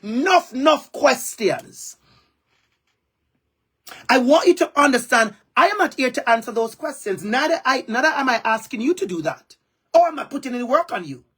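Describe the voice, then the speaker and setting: A man's voice: extremely high pitch, sing-song, fast, fairly bright tone, husky. A man with a Jamaican accent gives an impassioned keynote speech over a video call, using emphatic repetition. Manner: emphatic, repeats phrases for emphasis. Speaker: keynote speaker.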